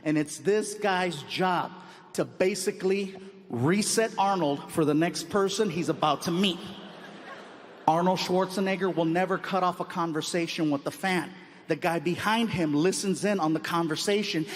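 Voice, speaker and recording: A male comedian telling an animated stand-up story on stage, acting out scenes and yelping. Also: sits high, long reverb tail.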